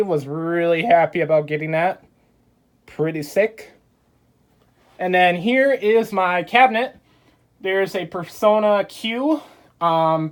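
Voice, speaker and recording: A woman filming a casual tour of her game room at home on a handheld phone, chatting in an offhand, upbeat way with plenty of fillers. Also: lowish voice. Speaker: video creator giving a room tour. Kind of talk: casual vlog narration. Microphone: handheld phone camera.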